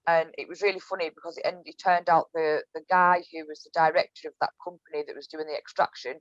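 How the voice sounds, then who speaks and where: A woman's voice: deep voice, fairly even intonation, quick pace, no echo. Cumbrian woman, podcast guest, chatty storyteller, dry lo-fi sound. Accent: Cumbrian (Whitehaven). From Cumbria, England. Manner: chatty, storytelling, many restarts and fillers. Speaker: guest, business owner. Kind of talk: casual podcast interview.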